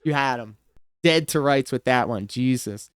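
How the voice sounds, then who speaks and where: A man hosting a livestream reaction show, commenting casually with sarcasm and sudden animated outbursts. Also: medium pitch, moderate pace, slight background noise. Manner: animated, sarcastic, bursts into shouts and laughter.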